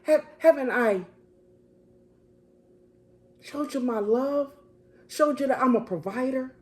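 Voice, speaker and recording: A woman voicing Jesus, gentle and pleading. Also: very high-pitched, measured pace, pitched above the performer's own voice. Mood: gentle, hushed. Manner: pleading rhetorical questions. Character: Jesus, a gentle, reassuring man.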